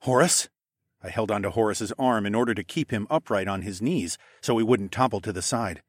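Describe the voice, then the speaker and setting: A man narrating a first-person novel, measured and steady. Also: lowish voice, no echo, studio quality. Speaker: audiobook narrator.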